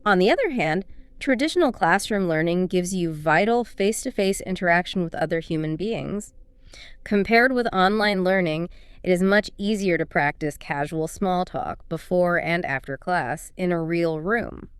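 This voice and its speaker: Smooth-voiced woman explaining English phrases. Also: lowish voice, lively intonation, moderate pace, no room sound, clean studio sound. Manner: explanatory, upbeat teacher delivery. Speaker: co-host of an English speaking course. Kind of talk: scripted lesson dialogue.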